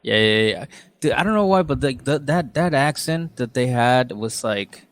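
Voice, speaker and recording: A man's voice: mid-range voice, expressive, normal speed. A man co-hosting a podcast in casual chat, laid-back and profane, often acting out quotes. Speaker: podcast co-host and stand-up comedian. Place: in or near Nashville.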